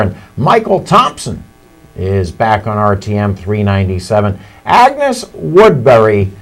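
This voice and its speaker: A man's voice: fairly low pitch, breathy edge. A man hosting live local election coverage, reading out vote counts with chatty asides and the occasional slip. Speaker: local TV election results host. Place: local TV studio.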